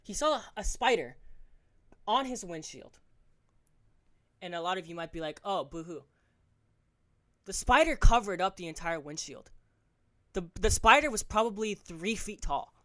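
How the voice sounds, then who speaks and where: A young man hosting a solo podcast, ranting fast and profanely, tripping over his words with stammers and restarts. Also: high-pitched, animated, sharp tone. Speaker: podcast host.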